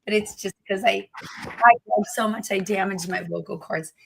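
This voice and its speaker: Woman teacher, hoarse, gravelly voice, gushing livestream host. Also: mid-range voice, steady tone, normal speed, a bit bright, a little hiss or hum. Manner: gushing, affectionate to viewers. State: hoarse from damaged vocal cords. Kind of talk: casual livestream chat.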